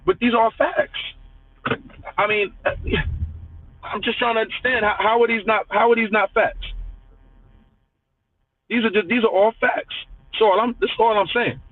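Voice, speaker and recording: A man's voice: high-pitched, no echo. A man ranting live to his chat, profane and heated, hammering the same lines over and over. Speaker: livestreamer. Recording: tinny phone-like dry audio.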